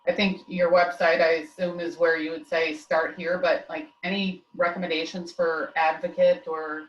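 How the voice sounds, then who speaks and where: A woman joining a webinar, asking a hesitant, halting question. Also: on the low side, level tone, muffled recording. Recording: distant echoey room mic.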